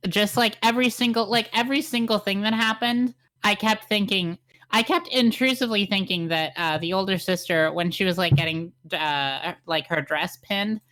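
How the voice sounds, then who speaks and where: A woman's voice: medium pitch, normal speed, fairly bright tone. A woman co-hosting a podcast, chatting casually in a jokey, rambling way. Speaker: podcast co-host. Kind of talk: casual chat.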